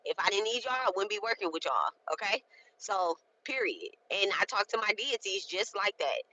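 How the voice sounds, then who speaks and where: A woman's voice: medium pitch, big pitch swings, normal speed, pushed and bright, slight background noise, poor audio. A woman in her late thirties talking casually and emphatically through a spiritual ritual, often checking in with her listeners. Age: 30s. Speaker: spiritual content creator. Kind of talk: casual spoken ritual walkthrough.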